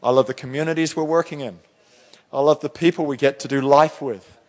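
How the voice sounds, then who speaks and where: A man's voice: fairly high pitch, fairly even intonation, brisk. A middle-aged male pastor preaching a sermon in church, talking in a conversational, storytelling way with frequent restarts.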